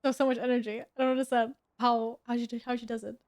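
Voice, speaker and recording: A woman's voice: on the high side, flat delivery, fast talker, a little mellow. A young woman chatting casually with her viewers while gaming at home, giggling and talking to her cat. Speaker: streamer. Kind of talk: casual gaming stream chat.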